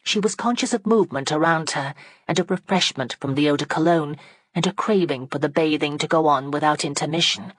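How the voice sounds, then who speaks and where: A woman narrating a classic novel in a measured, steady reading voice. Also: low-pitched, no echo. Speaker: audiobook narrator. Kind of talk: scripted narration.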